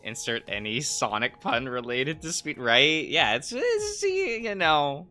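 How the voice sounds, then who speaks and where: Slow, rambling male streamer with a bright voice. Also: fairly high pitch, big pitch swings, soft background music. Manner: rambling, laughs often, trails off and hums to himself. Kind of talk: casual livestream chat while drawing.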